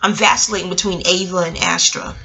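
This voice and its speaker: A middle-aged woman tells a story straight to the camera, animated and salty. Her voice has a gravelly, fry-laden edge. The tone is bright and forceful. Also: on the low side, a little fast, poor audio. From New York City. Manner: animated, profane, talks straight to viewers. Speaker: vlogger and memoir author. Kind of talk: casual storytelling monologue.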